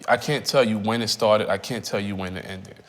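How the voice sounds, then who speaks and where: A man in his thirties giving personal testimony in a reflective, halting way, often repeating phrases. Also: on the low side, steady tone. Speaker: interviewee. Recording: reverberant room.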